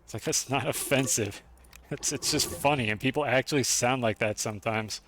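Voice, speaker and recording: A man's voice: medium pitch, normal speed, a bit bright, a little hiss or hum. A young man streaming a video game, chatting casually with his chat and swearing freely while he plays. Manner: chatty, profane, talks to chat.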